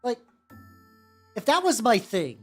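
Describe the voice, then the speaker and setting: Taking it slowly, this young adult VTuber from the US has a fairly high voice with big pitch swings. She chats casually while painting miniatures on her livestream, rambling with many restarts, fillers and casual swearing, as faint music plays.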